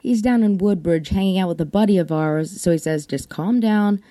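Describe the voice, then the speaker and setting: A woman's voice: lowish voice, a little fast, mellow, dry recording. A woman hosting a podcast, telling personal stories in a casual, wry and irreverent way, swearing freely. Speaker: podcast host. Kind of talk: casual storytelling monologue.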